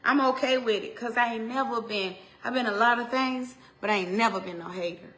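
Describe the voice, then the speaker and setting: A woman minister with an Atlanta accent, preaching in a heartfelt talk that swings from hushed tones to loud exhortation, with Southern turns of phrase and repeated lines. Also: a little high, a little fast. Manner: impassioned, swings from hushed to shouting.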